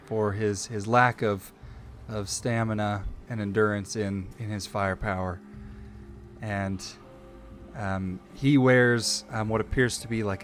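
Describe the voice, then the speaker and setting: Hesitant man with a Southern US accent. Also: lowish voice. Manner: hesitant, repeats words and uses many fillers. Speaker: player. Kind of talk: casual tabletop play.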